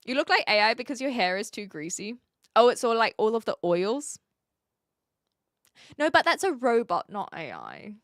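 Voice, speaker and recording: Streamer, woman, mixed New Zealand accent with an Aussie twang, animated and playful, dry close mic. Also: fairly high pitch, normal speed, long pauses, no room sound. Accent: mixed New Zealand with an occasional Australian twang. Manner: chatty and playful, with lively swings between a soft mumble and bright exclaiming. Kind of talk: casual livestream chat, reading out viewer comments.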